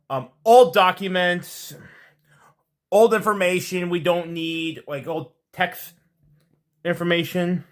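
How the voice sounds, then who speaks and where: A man telling a story to his viewers in a rambling, repetitive way, ending with a moral and a sign-off. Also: high voice. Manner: rambling, animated, repeats himself. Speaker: vlogger. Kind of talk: casual storytelling to camera.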